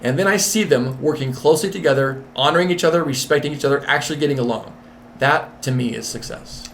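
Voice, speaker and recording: A man's voice: a little high, fast, fairly bright tone, a little hiss or hum. Emphatic man, manager and coach. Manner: emphatic and repetitive. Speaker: nurse manager and executive coach. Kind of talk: interview.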